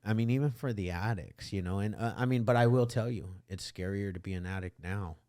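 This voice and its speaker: Middle-aged guy, really low voice, chatting on a podcast, rambles and restarts a lot. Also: fairly quick, warm tone. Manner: candid, rambling with many restarts. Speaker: podcast host. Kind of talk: casual conversation.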